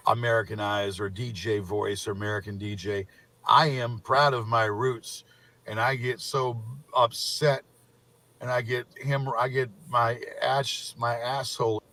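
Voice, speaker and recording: A man's voice: on the low side, bright, forceful tone. A man putting on a rambling troll caricature. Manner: repetitive, rambling, self-mocking. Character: mocking caricature of a rambling male internet troll. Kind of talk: mocking parody monologue.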